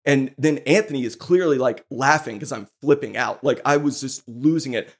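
A man hosting a podcast, excitedly telling a story in casual chat and swearing freely. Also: medium pitch, moderate pace. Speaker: podcast host.

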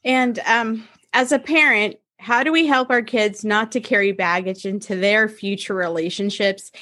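A woman's voice: mid-range voice, normal speed, bright, forceful tone. A woman in her thirties hosting a talk show, asking questions and murmuring along to show she is listening. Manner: curious, brief affirming murmurs. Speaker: host. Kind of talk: conversational podcast interview.

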